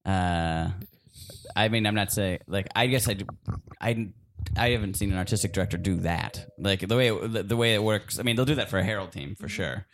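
A man's voice: lowish voice, a little fast, slight background noise. A man co-hosting an interview, thinking aloud hesitantly with lots of filler words. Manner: hesitant, full of filler likes. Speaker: podcast co-host. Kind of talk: casual interview chat.

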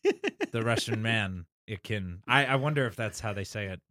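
A man's voice: lowish voice, normal speed, pushed and bright. A man co-hosting a comedy podcast, chatting casually and rambling, prone to fits of giggling. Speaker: podcast co-host.

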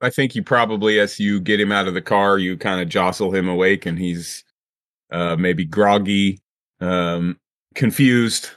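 A man's voice: low voice, steady tone, unhurried, a bit bright, dry recording, clean studio sound. A man running a tabletop role-playing game, asking players questions and narrating in a laid-back way. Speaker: game master.

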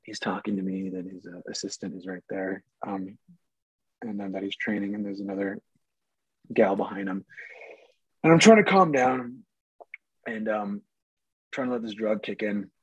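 A man's voice: on the low side, animated, normal speed, vocal fry, pauses often, breathy edge, no room sound, lo-fi sound. A man who works as an actor, telling a story in a rambling, amused way with many restarts and fillers. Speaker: actor guest. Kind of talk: casual storytelling.

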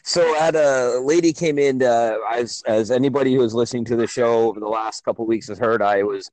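A man's voice: medium pitch, fairly quick, a little mellow, no room sound, low-quality recording. Exasperated man telling a work story. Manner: exasperated, storytelling with acted quotes. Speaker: podcast co-host, grocery store worker. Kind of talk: casual storytelling.

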